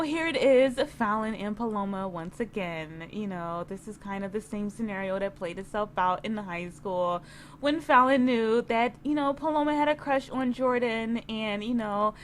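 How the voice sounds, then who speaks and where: A woman's voice: a little high, slight background noise. Chatty young woman narrating gameplay. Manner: chatty, filler-heavy, giggly. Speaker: gaming video creator. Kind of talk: game commentary.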